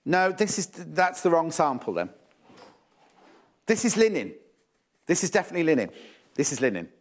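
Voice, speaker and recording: A man's voice: a little high, sing-song, moderate pace. A man presenting fabrics live on a shopping channel, chatty and teasing, often repeating prices and stock levels.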